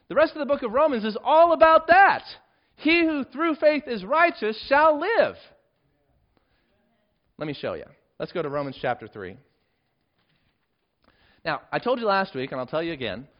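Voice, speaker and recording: A high-pitched male pastor delivers an expository sermon, his voice swinging widely between loud emphatic peaks and quiet explanatory asides. The recording sounds somewhat dull and lo-fi. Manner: emphatic preaching with big swings in pitch and volume.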